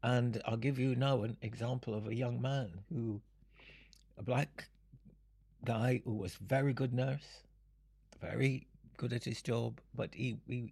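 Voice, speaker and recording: An older man answering audience questions, explaining his points in an unhurried, halting way and chuckling between them. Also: medium pitch, gravelly, darkish tone, breathy edge. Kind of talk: Q and A talk.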